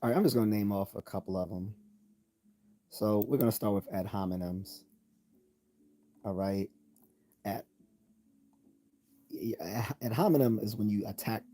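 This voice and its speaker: A man talks through logical fallacies on a live stream in a deep voice. His tone is mellow and unpolished, full of ums, restarts and read-aloud definitions. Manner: loose, halting delivery with many ums and restarts; reads out definitions and examples. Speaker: channel host.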